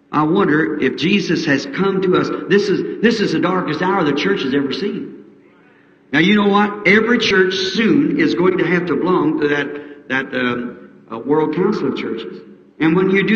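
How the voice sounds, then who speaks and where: Fervent preacher in an echoey hall. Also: male voice, a bit bright, lo-fi sound. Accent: American. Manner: folksy, fervent, rising to high emotional peaks. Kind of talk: revival sermon. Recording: 1960s archive tape in an echoey hall.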